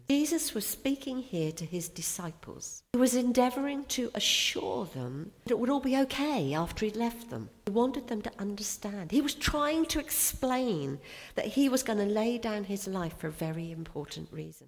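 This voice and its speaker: A woman preaching a sermon with emphatic, sharply rising and falling delivery. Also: mid-range voice. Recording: long hall reverb.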